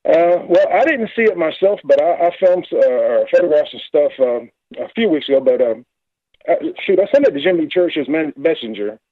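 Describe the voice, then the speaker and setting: A man calling in to a radio talk show, telling his story in a rambling, halting, excited way. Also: on the high side, breathy edge, no echo. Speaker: caller. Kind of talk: casual phone-in story. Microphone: phone. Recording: tinny phone line.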